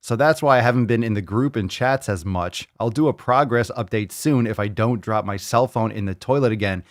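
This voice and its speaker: A man hosting a fitness podcast in casual chat, joking and animated, swearing freely. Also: lowish voice, fairly quick, dry recording, studio quality. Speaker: podcast host.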